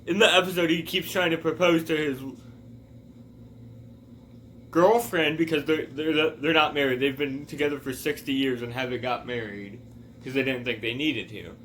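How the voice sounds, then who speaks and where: A man's voice: a little high, fairly even intonation, brisk, a bit bright, a little hiss or hum. A man talking casually in a rambling review, wandering off on tangents. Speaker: video reviewer.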